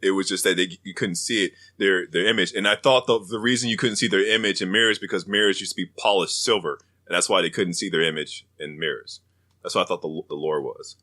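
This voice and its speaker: A young man chats on a casual podcast with a bright, forceful edge to his voice. He retells scenes with lots of swearing and quick acted-out quotes. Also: deep voice. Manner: profane, animated retelling of scenes. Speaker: podcast co-host.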